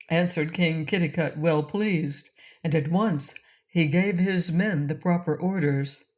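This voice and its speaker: A woman narrating a classic children's audiobook in a gentle, clear reading style. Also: low-pitched, measured pace. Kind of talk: storybook narration.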